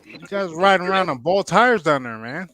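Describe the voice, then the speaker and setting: Bright-voiced laid-back man. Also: high-pitched, lively intonation, normal speed, a little hiss or hum. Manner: laid-back, lecturing in fun. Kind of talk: casual podcast banter.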